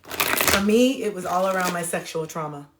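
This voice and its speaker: A woman's voice: lowish voice, normal speed, roomy sound, heavy background noise. A woman hosting a livestream, talking bluntly and preachily with slang, recorded on a phone. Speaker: livestream host giving spiritual advice. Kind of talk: casual livestream talk.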